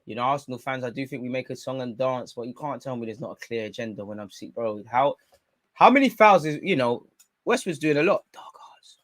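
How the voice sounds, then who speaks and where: A man hosting a live football watchalong, reacting excitedly, shouting at players and the referee and swearing now and then. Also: medium pitch, a little fast, no room sound, studio quality. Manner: talks while eating. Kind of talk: live match reaction commentary.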